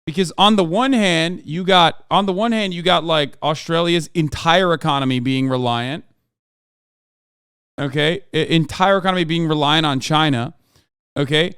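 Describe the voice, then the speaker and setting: A man in his thirties reacts to news clips on a live stream, loose, profane and excitable, often breaking into laughing asides. His smooth, slightly high voice moves at a moderate pace, recorded close and dry with no echo.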